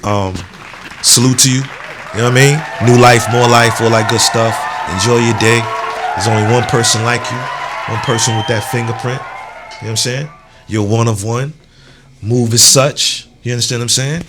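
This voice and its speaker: A young adult man hosts his own podcast in a loose, unscripted solo monologue. His voice sits in an ordinary middle range. He swears freely and keeps checking in with the listener, moving from heated venting to warm encouragement. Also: medium pitch, steady tone, moderate pace, over a noisy crowd, heavy background noise. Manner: loose and conversational, repeats "you know what I'm saying". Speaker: podcast host.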